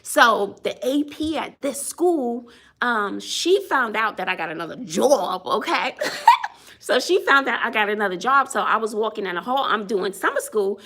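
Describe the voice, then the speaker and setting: A woman's voice: on the high side, lively intonation, moderate pace, pushed and bright. A woman who is a teacher, chatting casually to viewers on a phone livestream, laughing often and greeting people as she tells a story.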